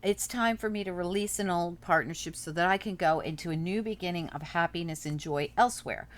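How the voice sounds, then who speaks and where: A woman's voice: on the low side, fairly bright tone. A woman doing a casual tarot reading, chatting and thinking aloud as she turns the cards over. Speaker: tarot reader.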